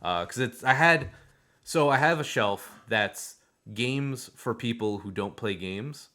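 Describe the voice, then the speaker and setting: A man co-hosting a podcast, chatting casually about board games in a rambling, animated way and laughing often. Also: medium pitch, slow. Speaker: podcast co-host. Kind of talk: casual board game chat.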